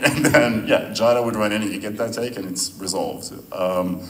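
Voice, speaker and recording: A man, a filmmaker, answering audience questions after a screening in a relaxed, rambling way with frequent laughs. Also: fairly low pitch, normal speed. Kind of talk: post-screening Q&A. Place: venue hall at a screening. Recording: roomy sound from a distant mic, faint noise.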